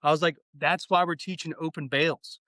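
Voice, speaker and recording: A man's voice: a little high, steady tone, a little fast, bright, forceful tone, dry recording, low-quality recording. A man in his thirties, a fire training instructor, talking enthusiastically and casually as a podcast guest, acting out conversations. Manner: enthusiastic, slangy, acts out dialogue.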